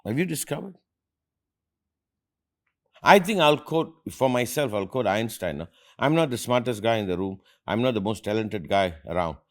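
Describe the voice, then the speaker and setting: A man's voice: lowish voice, expressive, normal speed. Emphatic middle-aged man. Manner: emphatic, earnest, repeats phrases for stress. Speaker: host and motivational speaker. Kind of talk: motivational talk with family.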